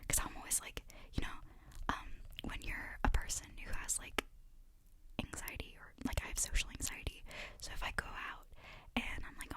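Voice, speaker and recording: A young woman in whispered role-play, rambling in a self-deprecating way with many fillers as an ASMR host. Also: moderate pace.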